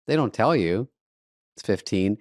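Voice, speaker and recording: Animated middle-aged man telling comic stories. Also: lowish voice, measured pace, dry recording, studio quality. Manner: animated, acts out both sides of phone calls with swearing and laughs. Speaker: co-host. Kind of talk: casual comedic storytelling.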